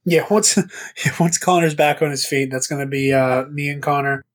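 A man's voice: fairly high pitch, fairly even intonation, moderate pace. A man hosting a podcast in casual chat, rambling and stammering, swearing now and then. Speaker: podcast host.

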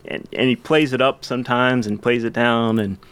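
A man hosts a casual podcast about music, talking eagerly at a middle pitch. He rambles a little and restarts his sentences as he goes. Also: fairly even intonation, normal speed, fairly bright tone, clear, resonant tone. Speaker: podcast host.

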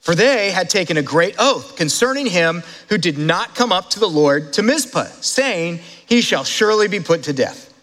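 A male pastor preaching a sermon in an animated way, talking straight to his congregation with quick asides and laughs. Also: sits high, long reverb tail.

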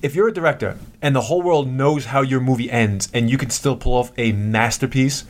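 A man's voice: mid-range voice, brisk. A man co-hosting a casual chat, telling stories with swearing and laughter. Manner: animated storyteller, swearing, laughing. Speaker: podcast co-host.

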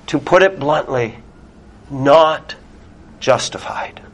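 A male preacher delivers a sermon to a small congregation. He speaks slowly and emphatically in a slightly high voice. He lets his voice fall almost to a whisper on the words he wants to land. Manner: deliberate, emphatic, drops very soft on key words.

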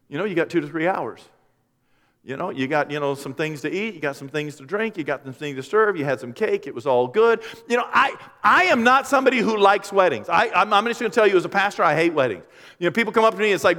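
A middle-aged man preaching a teaching sermon as pastor, animated and joking, acting out quoted voices. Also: a little high, quick pace. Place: church sanctuary. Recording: long hall reverb.

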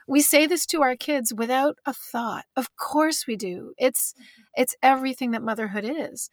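A woman's voice: high-pitched, normal speed, dry recording. A woman talking candidly and thoughtfully in a conversation, restarting words as she thinks, close to tears. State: teary. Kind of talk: reflective conversation.

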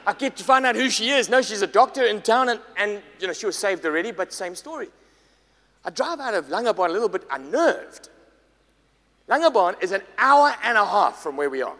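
A man, a pastor preaching a sermon, telling a story with lively acted-out dialogue. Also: sits high. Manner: animated, acts out quoted dialogue. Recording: long hall reverb.

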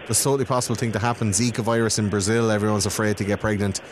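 A man's voice: fairly low pitch, level tone, racing, a little hiss or hum. A man, a podcast guest chatting casually, rambling and swearing. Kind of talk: casual chat.

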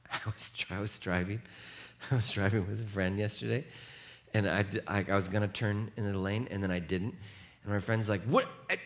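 This fairly low-pitched, moderately paced middle-aged pastor preaches an animated sermon full of jokes. He laughs at his own expense and has the congregation read along out loud.

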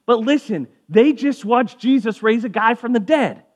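High-voiced man preaching in a casual way. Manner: conversational, jokey, acts out quick voices for people in the story. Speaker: pastor. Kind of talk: casual sermon.

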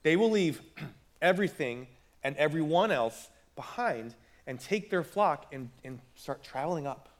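Guy preaching a sermon, high-ish voice, casual and chatty, stumbles over repeats. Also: animated, a little slow. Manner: conversational, repeats words when building a point. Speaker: pastor.

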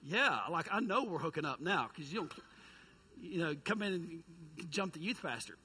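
A man, a youth pastor telling a story in a sermon, lively and humorous, poking fun at himself. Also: on the high side, moderate pace, a little hiss or hum.

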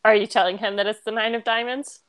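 A woman running a tabletop game as game master, narrating in a lively, chatty way. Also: a little high, quick pace, clear, resonant tone, no echo. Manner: lively, chatty, with laughs and fillers.

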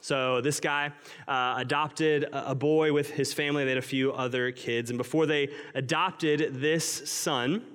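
A pastor delivering a Christmas-season sermon as earnest, conversational storytelling, recorded in a church. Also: male voice, a little high, fairly even intonation, unhurried, a bit bright, clean tone. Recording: long reverb of a large hall.

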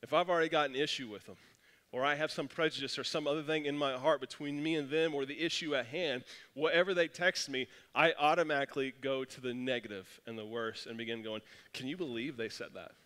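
A man's voice: a little high, fast talker, a bit bright, clear, resonant tone, long reverb tail. A man preaching a casual, conversational sermon as pastor, self-deprecating and telling stories with frequent restarts.

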